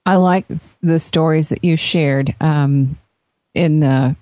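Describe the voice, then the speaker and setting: A woman's voice: low voice, takes it slowly, warm tone, no room sound. A woman interviewer asking questions in a hesitant, effusive way, with frequent laughs and restarts. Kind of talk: conversational interview.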